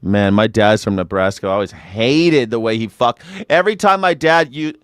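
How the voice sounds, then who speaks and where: A man's voice: on the low side, normal speed, a bit bright, clear, resonant tone, no echo, clean studio sound. A young man hosting a news reaction show, sarcastic and joking, swearing freely. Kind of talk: comedic news reaction commentary.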